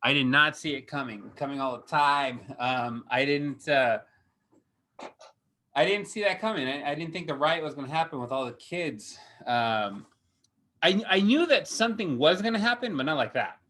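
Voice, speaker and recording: A man hosting a casual film review chat, swearing a lot and ranting with mocking, animated energy. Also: on the high side. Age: adult with a young daughter. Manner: profane, animated, mocking, quick reversals. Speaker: podcast host.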